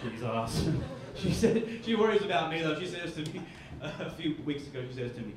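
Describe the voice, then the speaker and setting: A young man from East Tennessee performing a self-mocking, crude stand-up set on a club stage, tossing quick asides to the crowd. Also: on the high side, sing-song. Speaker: stand-up comedian. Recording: echoey club, from far off, noisy.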